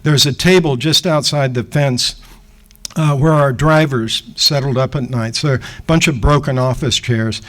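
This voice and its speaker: A man in his sixties, a guest speaker giving a lecture and telling an animated anecdote, acting out the people in it. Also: mid-range voice, unhurried, rough recording. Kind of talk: storytelling lecture.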